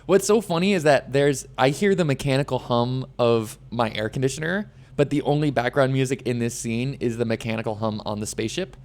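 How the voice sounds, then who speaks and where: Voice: medium pitch, fairly quick, few pauses, a little mellow. A streamer giving chatty, sarcastic commentary while playing a game. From New Jersey. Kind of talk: casual gameplay commentary.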